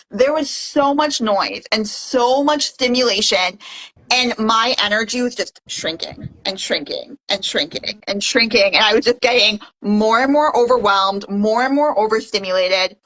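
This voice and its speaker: A young woman from Canada telling a personal story in an animated way, with lots of "like". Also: fairly high pitch, low-quality recording. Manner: fast and animated, heavy use of "like". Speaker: guest. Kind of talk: casual testimonial storytelling.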